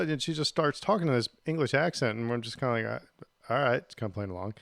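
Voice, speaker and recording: A man's voice: medium pitch, fairly quick, a bit bright, no room sound, clean studio sound. A man co-hosting a podcast, telling a rambling story in casual chat. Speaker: podcast co-host.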